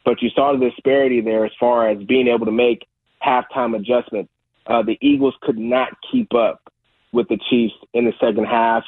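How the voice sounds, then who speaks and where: A man phoning in to a sports radio show. His voice is husky and comes through a thin, tinny line that sounds dry. He talks emphatically and keeps checking in with "okay?". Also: mid-range voice, dry recording. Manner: emphatic, keeps tagging "all right?" and "okay?". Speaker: former football player, guest analyst. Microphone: phone call.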